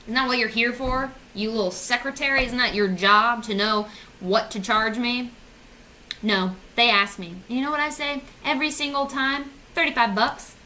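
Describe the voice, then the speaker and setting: A woman's voice: fairly high pitch, moderate pace, bright, forceful tone, slight background noise, poor audio. A woman in her twenties ranting sarcastically on her vlog, swearing and mocking herself. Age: 20s. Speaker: vlogger. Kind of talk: casual comedic rant.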